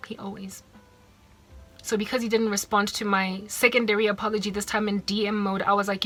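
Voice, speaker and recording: A woman's voice: medium pitch, flat delivery, fairly quick, fairly bright tone, soft background music. A woman from South Africa with a South African accent, telling a personal story on her vlog, emotional and repeating herself as she quotes the people involved. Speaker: vlogger.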